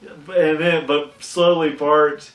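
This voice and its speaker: A man's voice: fairly high pitch, level tone, slow pace. A man on a podcast casually recapping a cartoon episode, rambling with many restarts. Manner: rambling, restarts a lot, acts out character quotes. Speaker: podcast co-host. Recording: echoey room, mic at a distance.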